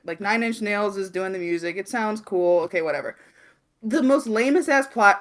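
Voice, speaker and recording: A woman's voice: medium pitch, normal speed. A woman co-hosting a podcast, ranting in casual chat with lots of swearing and filler "like". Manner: animated, profane, frequent "like". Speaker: podcast co-host.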